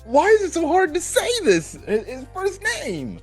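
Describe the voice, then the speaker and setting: A squeaky, panicky teenage devil girl, put on by a man, shrieking her flustered disbelief in a cartoonish falsetto that soars far above his own voice. Soft music plays faintly underneath. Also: huge pitch swings, a little slow, gravelly, heavily acted.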